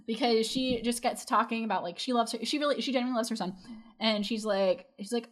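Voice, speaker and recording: A woman's voice: on the high side, fast. A woman co-hosting a reaction show, casually recapping scenes with lots of fillers and quoted asides. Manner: chatty, retells scenes with quoted voices, frequent fillers. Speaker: co-host reacting to an anime episode.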